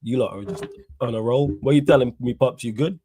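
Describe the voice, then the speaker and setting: A man's voice: medium pitch, fast, warm tone, husky, no room sound. A man hosting a live stream, chatting casually about football with street slang and a laid-back manner. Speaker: livestream host.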